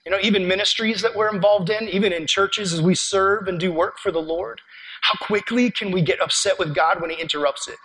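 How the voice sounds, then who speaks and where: A man preaching a sermon as a pastor, telling a story in an earnest, conversational way and dropping quiet for emphasis. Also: high-pitched, brisk, low-quality recording.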